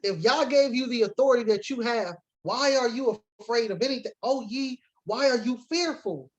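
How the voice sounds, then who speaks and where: A man with an extremely high-pitched voice talks at normal speed, and the audio is poor. In a sermon-style Bible lesson for a congregation, he reads scripture aloud, explains words, and switches between forceful preaching and offhand asides.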